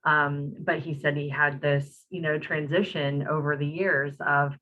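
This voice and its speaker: A woman's voice: low-pitched, steady tone, a little slow, pushed and bright, dull audio. A woman hosting an online talk, reading out audience questions in a conversational way with many fillers. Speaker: host, moderator.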